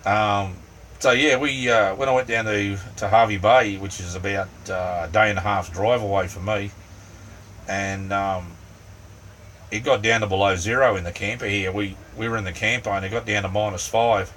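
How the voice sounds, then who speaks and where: A man's voice: fairly low pitch, fairly even intonation, normal speed, fairly bright tone. A middle-aged Australian man chatting casually with his livestream viewers from inside his camper, rambling and easygoing with lots of ums and "mate". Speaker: livestream host. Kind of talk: casual live chat with viewers. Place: inside a small camper van. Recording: distant mic, faint fan hum. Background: fan running.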